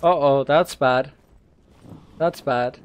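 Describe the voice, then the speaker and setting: A man giving casual gameplay commentary in an excitable, jokey way. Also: medium pitch, slow, clear, resonant tone. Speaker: gamer.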